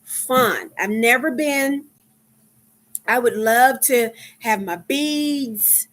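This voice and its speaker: Texan woman, fifties, live-stream host; slow, chatty delivery with frequent ums. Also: a little high, a bit bright. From Dallas, Texas. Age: 50s. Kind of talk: casual live-stream chat.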